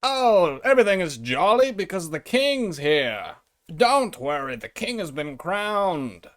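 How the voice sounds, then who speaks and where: A man voicing a pompous, twitchy male British royalist in a mock-posh, sing-song, drawn-out manner. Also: high voice, sing-song, fairly bright tone, pitched above the performer's own voice, exaggerated voice. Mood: mock-jolly.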